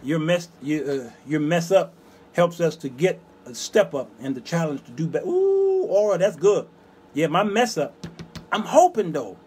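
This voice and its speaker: A man hosting his own show, preaching with fire between quiet, muttered asides as he reads viewer comments. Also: animated, moderate pace, faint music behind. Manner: swings from loud preaching to low muttering asides; folksy, emphatic, repeats phrases. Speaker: host and preacher. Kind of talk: fiery livestream preaching, reading viewer comments.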